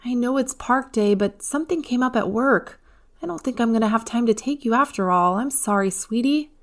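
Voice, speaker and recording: A woman voicing a kind, patient mother who speaks gently and reassuringly. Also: fairly high pitch, lively intonation, brisk, voice pushed up. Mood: soothing.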